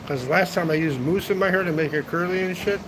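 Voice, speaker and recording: A man with a high voice talks fairly quickly during a travel livestream from a hotel rooftop's outdoor seating area, where the background is noisy. The vlogger rambles casually, swears, and keeps ending sentences with "man."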